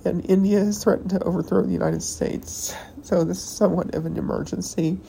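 A woman hosting a podcast, talking in a rambling, halting personal monologue while tearful and emotional. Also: lowish voice, steady tone, gravelly, mellow, a little hiss or hum, rough recording. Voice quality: halting, hesitant delivery with pauses. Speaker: podcast host.

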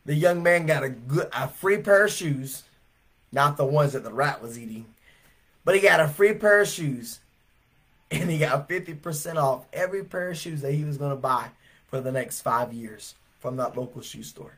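Brief: male evangelist, high voice, revival sermon, animated, builds to shouts. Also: normal speed. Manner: animated storytelling, swelling to shouts.

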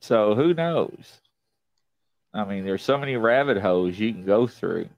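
A man's voice: fairly low pitch, measured pace, creaky, no echo, lo-fi sound. A man hosting a podcast interview, chatting casually and eagerly agreeing with his guest. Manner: eagerly agreeing, says "absolutely". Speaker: podcast host.

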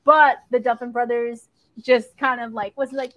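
A young woman chats through a series recap with a slightly high voice, swearing casually as she goes. The sound is close and dry, with no room echo. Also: normal speed. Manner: chatty, swears casually, lively storytelling. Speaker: podcast co-host.

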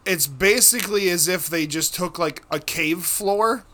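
A man hosting a podcast in casual chat, crude and quick to laugh. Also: sits high, bright, forceful tone. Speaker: podcast host.

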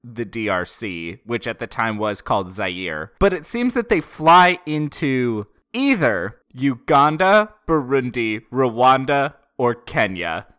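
A man's voice: mid-range voice, very animated, takes it slowly, hardly any pauses, a bit bright, clean tone. A man co-hosting a podcast in casual chat, chatty and often laughing. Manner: chatty, laughs often, trails off mid-thought. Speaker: podcast co-host.

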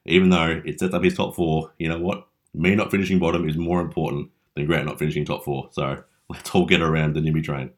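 A man's voice: a bass voice, steady tone, fast talker. A young Australian man hosting a casual fantasy league recap, chatty and teasing with mock-dramatic flair. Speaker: fantasy league podcast host.

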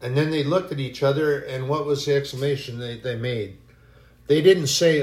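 A man preaching a sermon in an earnest, animated way. His voice sits in the middle range and rings in an echoey room. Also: medium pitch, normal speed. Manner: earnest, animated preaching with sudden bursts of acted panic.

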